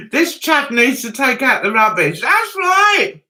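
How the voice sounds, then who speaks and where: Bright-voiced chatty English woman. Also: high-pitched. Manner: chatty, reads viewer comments aloud and answers them with frequent laughs. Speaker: livestream host. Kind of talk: casual livestream chat.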